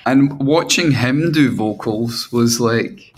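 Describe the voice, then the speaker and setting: A man's voice: mid-range voice, slight background noise. A middle-aged man, a band frontman and songwriter, talks candidly in a casual interview. He often restarts his sentences and mocks himself by acting out his inner critic. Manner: self-mocking, halting with many restarts, mimics his own inner voices.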